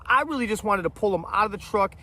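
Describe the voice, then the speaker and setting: Forties man, high voice, fiery and foul-mouthed storyteller. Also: animated, fast, pushed and bright. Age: 40s. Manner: profane, fiery, blunt. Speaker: vlogger telling a story. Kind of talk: heated storytelling monologue.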